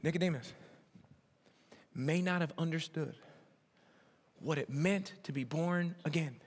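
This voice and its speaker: Animated preacher man in a reverberant hall. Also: unhurried. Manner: animated, swings from loud emphatic bursts to low quiet asides. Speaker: pastor. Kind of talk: sermon.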